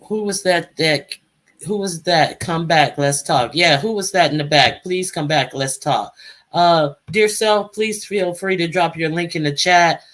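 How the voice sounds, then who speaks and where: A woman's voice: on the low side, a little slow. A woman hosting a casual live stream, chatting and calling guests up to speak. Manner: chatty, calls out guests by name.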